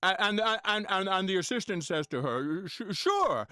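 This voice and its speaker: Guy doing a high stammery drawling old film star, lively pitch, stumbles on every other word. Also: normal speed, dry recording, studio quality, exaggerated voice. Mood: amused. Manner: stuttering, drawling, repeating words. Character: stammering folksy older male movie star telling a joke. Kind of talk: comedy impression sketch.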